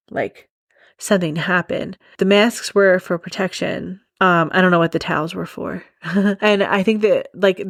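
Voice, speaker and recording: A woman's voice: lowish voice, dry recording, studio quality. A young woman hosting a casual true crime podcast, rambling off on tangents and laughing often. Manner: rambling, giggly, goes off on tangents. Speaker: podcast host.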